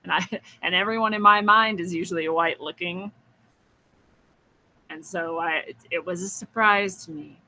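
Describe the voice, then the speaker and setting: A woman's voice: lowish voice, fairly even intonation, moderate pace, long pauses, sharp tone, low-quality recording. A woman hosting a podcast, musing through a spiritual story in a chatty way, with frequent laughs and restarts. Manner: acts out quoted voices. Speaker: podcast host.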